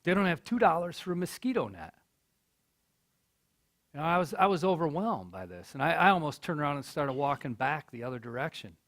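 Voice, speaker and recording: A middle-aged man tells a story from a college stage in a somewhat high voice. He speaks earnestly and often repeats his words when the moment gets to him. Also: big pitch swings, fairly quick, a bit bright. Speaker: keynote speaker. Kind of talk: storytelling speech. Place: college hall.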